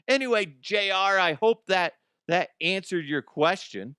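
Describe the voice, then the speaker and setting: A man who is a radio host, telling a casual comedic story, animated, swearing and laughing as he talks. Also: sits high, unhurried, clear, resonant tone, no echo, studio quality. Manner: animated, swearing, laughs often, slips into voices.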